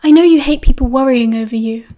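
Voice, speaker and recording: A woman with a British accent voicing a caring teenage schoolboy who talks gently and coaxingly in an audiobook. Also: high voice, quick pace, lightly acted. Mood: concerned.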